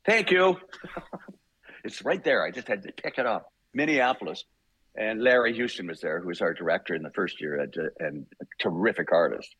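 An older man, a guest voice actor telling lively stories in casual chat and acting out the quotes. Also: low voice, normal speed, husky, no echo, poor audio. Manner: lively, laughing, acts out quotes. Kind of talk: casual anecdotal storytelling.

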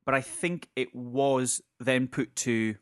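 A man co-hosting a casual film podcast, animated and laughing often as he rambles. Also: medium pitch, slow pace, no room sound, studio quality. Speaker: podcast co-host.

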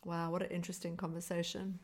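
A woman talking films on a casual podcast. She is lively and swears often. She trips over her words and restarts as she goes. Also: on the low side, quick pace. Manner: animated, swears freely, many restarts. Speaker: podcast co-host. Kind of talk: casual film discussion.

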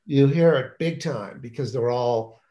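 A man with an ordinary, mid-range voice talks about his children's book in a relaxed interview. He is enthusiastic and rambles, often restarting his sentences mid-thought. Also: mid-range voice, a little slow. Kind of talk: casual interview talk.

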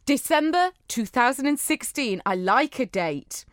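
A woman's voice: sits high, lively intonation, measured pace, no room sound, clean studio sound. A playful, giggly woman, co-hosting a casual podcast chat. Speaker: podcast co-host.

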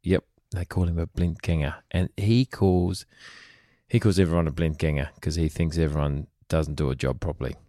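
Male co-host, deep and warm, teasing banter, dry close mic. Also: steady tone, moderate pace, dry recording. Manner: joking, teasing. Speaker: podcast co-host. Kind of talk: casual chat. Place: bedroom. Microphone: headset mic.

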